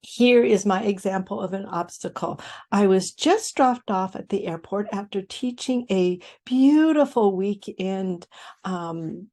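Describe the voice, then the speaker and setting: A woman hosting an inspirational talk, speaking in a gentle, reflective way and walking through a personal example. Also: mid-range voice, measured pace. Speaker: host.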